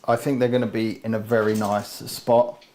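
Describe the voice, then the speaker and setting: A man's voice: fairly low pitch, little pitch movement, moderate pace, darkish tone, a little hiss or hum. A man playing a tabletop wargame on stream, chatting confidently and joking. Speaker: tabletop game player. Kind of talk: casual game banter.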